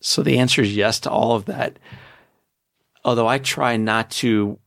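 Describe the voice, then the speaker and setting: A man's voice: mid-range voice, measured pace, gravelly, a bit bright, no echo, clean studio sound. A man in his forties telling his story as a podcast guest, with an emphatic, preacher-like motivational delivery.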